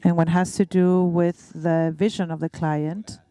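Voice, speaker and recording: Measured woman on a panel. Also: fairly low pitch, fairly even intonation, mellow, smooth, no room sound. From Uruguay. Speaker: banking panelist. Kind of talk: panel discussion answer.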